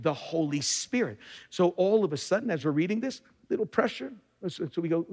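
A man preaching a sermon as pastor, emphatic and animated, jumping up in pitch for emphasis and dropping to quiet asides. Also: moderate pace. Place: church sanctuary. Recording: long reverb of a church hall.

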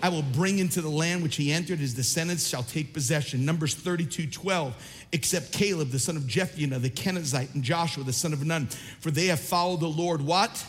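A man preaching a sermon as pastor, impassioned and rising to shouts at times, then reading scripture more quietly. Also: a little high, brisk, in a large hall.

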